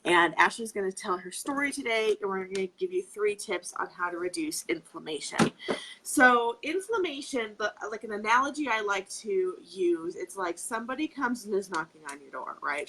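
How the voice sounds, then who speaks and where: A woman's voice: mid-range voice, a bit bright, slight background noise, low-quality recording. A woman co-hosting a live health stream, talking casually and explaining with everyday examples from home. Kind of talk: casual live video talk. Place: home in Colorado.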